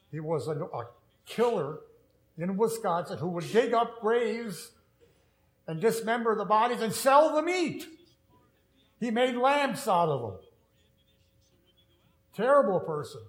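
A man's voice: fairly high pitch, roomy sound, rough recording. A man who is a pastor, preaching an earnest sermon with storytelling and self-deprecating humor.

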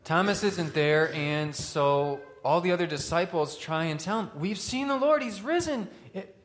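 A male pastor preaching a sermon, swinging from loud, rising questions to quiet, hushed lines. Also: high voice, normal speed, soft background music.

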